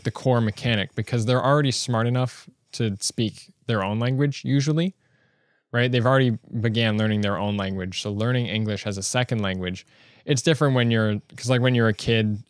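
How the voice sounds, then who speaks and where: A man's voice: fairly low pitch, no echo, studio quality. A man hosting a solo stream-of-consciousness podcast, rambling along with many fillers and restarts. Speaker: podcast host.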